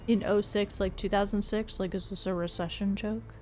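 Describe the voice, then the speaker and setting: A woman's voice: medium pitch, steady tone, moderate pace, few pauses, darkish tone, faint music behind. A woman from Florida, a streamer chatting playfully with her viewers while she plays a point-and-click detective game. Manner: chatty, playful, talks to chat. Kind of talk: let's play commentary.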